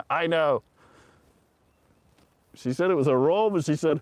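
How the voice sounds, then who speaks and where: A man's voice: fairly high pitch, expressive, takes it slowly, pauses often, darkish tone. Middle-aged man, livestream host, rambling storyteller, laughs a lot, swears casually.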